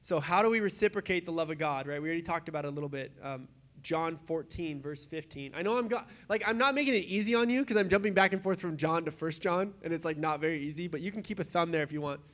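A man with a high voice preaches in a loose, conversational way, like a pastor chatting with his congregation. He is animated, drops in quick asides and slips into acted-out voices to make his points. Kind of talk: casual conversational sermon.

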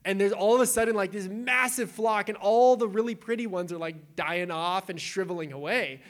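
A young adult man preaching in a casual, animated way, retelling scripture with acted-out quotes. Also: high-pitched, normal speed. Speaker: pastor.

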